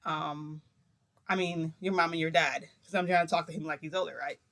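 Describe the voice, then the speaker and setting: A woman's voice: low voice, fairly even intonation, brisk, fairly bright tone. A woman chatting through a personal story in a loose, meandering way. She stumbles over restarts, leans on fillers, and keeps checking that the listener is following. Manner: rambling, frequent "like" fillers and restarts; chatty, confiding, asks listener "right?". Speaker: vlogger. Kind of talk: casual storytime monologue.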